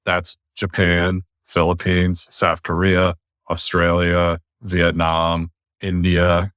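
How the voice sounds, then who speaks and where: A man from the United States hosting a podcast, giving blunt, opinionated views in casual discussion, often with animated rants. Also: deep voice, slow pace, no room sound, studio quality. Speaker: podcast host.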